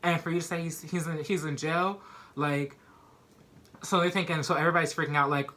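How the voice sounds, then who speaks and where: A young man telling a personal story to his viewers in a casual, animated way, full of "like" and "y'all". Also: on the high side, brisk. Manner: animated, addresses viewers as "y'all", many "like" fillers.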